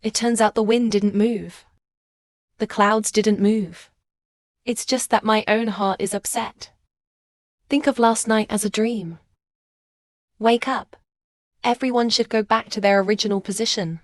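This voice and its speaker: A woman speaking dubbed drama dialogue in a plain, measured way. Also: medium pitch, fairly even intonation, no echo, lightly acted.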